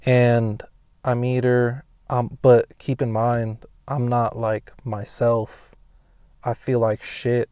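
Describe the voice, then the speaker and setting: A young man telling a personal story casually, swearing heavily and rambling with restarts, and getting loud and high when he reenacts scenes. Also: flat delivery, takes it slowly, smooth, no echo, studio quality. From Pasadena, California. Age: young adult.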